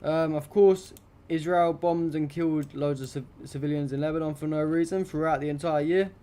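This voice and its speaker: A man's voice: on the high side, steady tone, moderate pace, warm tone. A young adult man hosting a live stream, commenting on news pictures in an indignant, rambling, heavily profane way.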